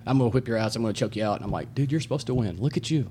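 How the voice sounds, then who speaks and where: A man telling a story as a podcast guest in casual chat, animated and acting out quoted lines. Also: mid-range voice, very fast, crowd noise. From Tennessee. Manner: animated, acts out quotes loudly.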